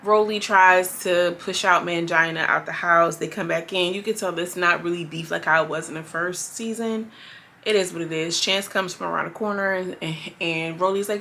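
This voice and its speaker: A young adult woman recapping a reality show in casual, blunt, profane commentary, exasperated and quick to judge. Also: fairly low pitch, fairly even intonation, sharp tone, slight background noise.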